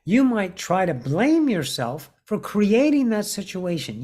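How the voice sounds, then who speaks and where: A woman's voice: on the high side, very animated, slow. A woman giving a spiritual teaching monologue in a blunt, profane manner, repeating words for emphasis.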